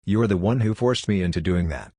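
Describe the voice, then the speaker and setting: A man's voice: low voice, brisk, warm tone, no room sound, clean studio sound. A man reading the part of an arrogant young traitor disciple who smirks and speaks savagely in an audiobook. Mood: scornful.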